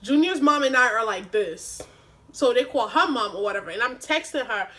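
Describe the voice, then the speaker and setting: Young woman, high voice, casual storytime, lively and profane. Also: moderate pace, rough recording. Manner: animated, profane, slangy retelling. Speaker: vlogger.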